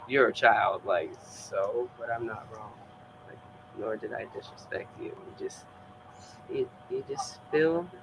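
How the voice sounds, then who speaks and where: A man's voice: mid-range voice, creaky, a bit bright, lo-fi sound, a little hiss or hum. A man streaming, chatting in a loose, rambling way with many fillers and bursts of laughter. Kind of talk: casual rambling chat.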